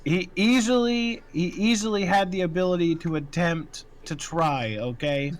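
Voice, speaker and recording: Male player, high voice, joking and argumentative, swears. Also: moderate pace. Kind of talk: casual tabletop chat.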